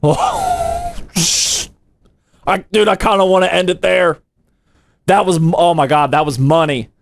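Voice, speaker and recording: A young man from the United States streams a PC build, his voice sitting a little high for a man. He keeps it slangy and playful, throwing "dude" and "man" at his chat as he works. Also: steady tone, normal speed, gravelly. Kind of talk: casual livestream chat while building a PC.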